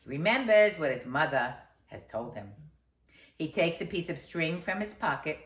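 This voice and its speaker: A woman's voice: sits low, lively intonation, moderate pace. A woman storyteller telling a folk tale to a library audience, with chatty asides to the listeners. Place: library event space. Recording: roomy echo.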